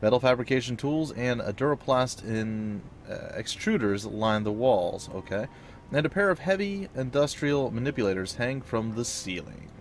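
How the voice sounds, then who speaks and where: A man hosting a let's play, reading the game's narration aloud in a voice of ordinary middle pitch. He slips in casual asides and small stumbles between the lines of text. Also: animated, normal speed, a little hiss or hum.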